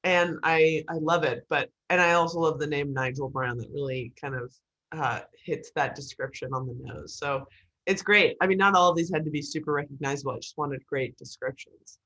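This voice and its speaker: A woman instructor giving an online writing class in a joking, lively way, over a video call. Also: low-pitched, moderate pace, poor audio.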